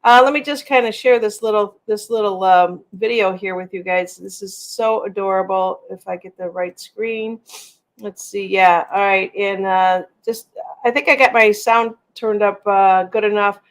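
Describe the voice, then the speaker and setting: Reading out viewer comments as she goes, a middle-aged woman rambles and chats on her casual livestream. She has a mid-range voice, keeping a steady tone at a moderate pace.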